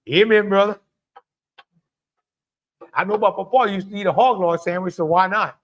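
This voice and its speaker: A man's voice: high-pitched, moderate pace, pauses often, highs cut off. A middle-aged man hosts a live cooking stream in a chatty way, greeting viewers by name and laughing often. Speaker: cooking show host.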